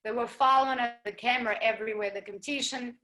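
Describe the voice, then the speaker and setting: Woman, ballroom dancer, interview guest, slightly high voice, expressive, searches for words. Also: quick pace. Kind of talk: interview storytelling.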